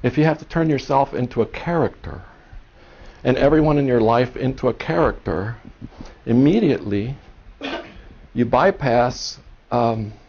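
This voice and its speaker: A Cuban historian in his sixties gives a seminar talk, telling his story with earnestness and passion. His mid-range voice is animated and a little mellow, moving at a moderate pace. The seminar-room recording is dull and lo-fi, with a slight hiss or hum.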